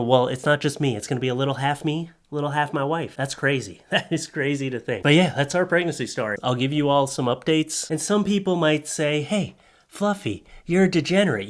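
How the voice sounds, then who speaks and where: Man, thirties, casual vlog talk, excited, jokey, mid pitch. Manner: excited, joking, talks fast. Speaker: YouTuber.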